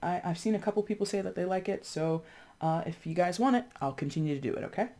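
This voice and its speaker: A tarot reader talks straight to the camera in a loose, conversational reading. The speech is full of "like" and "you know", with restarts and quick voiced asides that mimic other people's reactions. The pitch sits in a middle range for the voice. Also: mellow. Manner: chatty, acts out other people's reactions in quotes; thinks aloud with frequent fillers and restarts.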